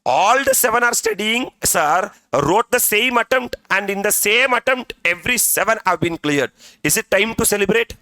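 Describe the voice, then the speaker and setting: A middle-aged CA exam tutor gives a classroom lecture with story examples in a high, animated, pushed and bright voice at a moderate pace, with no room sound. He's chatty, keeps asking "are you with me," and says "sir" a lot.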